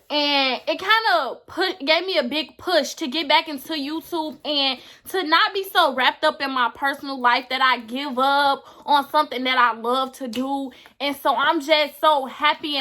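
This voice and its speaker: A beauty YouTuber talks straight to camera in a casual vlog, her voice high-pitched, bright, and forceful. She comes across as earnest and gushing toward her viewers.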